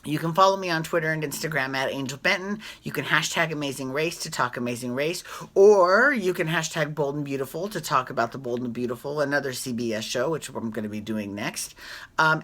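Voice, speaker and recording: A woman vlogger doing a casual, rambling TV recap, correcting herself often and adding animated asides. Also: low-pitched.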